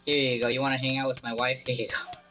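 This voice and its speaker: A man's voice: medium pitch, flat delivery, quick pace, bright, forceful tone, faint music behind. A young man giving goofy, melodramatic commentary while playing a game, on a slightly dull lo-fi mic. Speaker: gaming YouTuber. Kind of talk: playful gameplay commentary.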